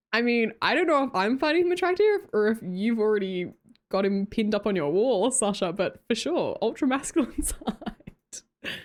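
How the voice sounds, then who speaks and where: A woman's voice: fairly high pitch, animated, unhurried. A young Australian woman hosting a livestream, chatting casually, reading viewer comments aloud and laughing often. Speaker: livestream host.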